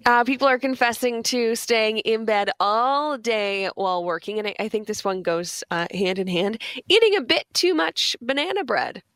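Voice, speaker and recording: A woman co-hosting a radio show in casual chat, reading out a list with quick asides. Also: a little high, animated, fairly bright tone, no room sound. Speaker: radio co-host.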